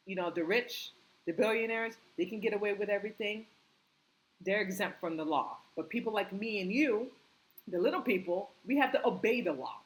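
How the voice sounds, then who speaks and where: A woman delivering an impassioned opinion monologue, indignant and repetitive, firing rhetorical questions and climbing in pitch when angry. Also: rough recording. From United States. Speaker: political commentary vlogger.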